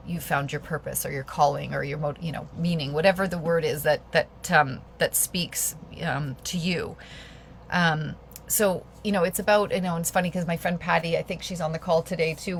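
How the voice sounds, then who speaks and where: Gravelly-voiced woman talking on a video call. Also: low-pitched, slight background noise. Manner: rambling, many fillers and restarts; lights up with enthusiasm. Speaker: guest speaker. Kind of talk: casual talk on a video call.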